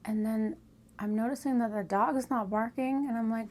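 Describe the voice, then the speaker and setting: Woman telling a story, hushed whispers. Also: fairly high pitch, fairly even intonation, moderate pace. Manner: often drops to a hushed whisper for suspense. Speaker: storytime vlogger. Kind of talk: casual storytelling.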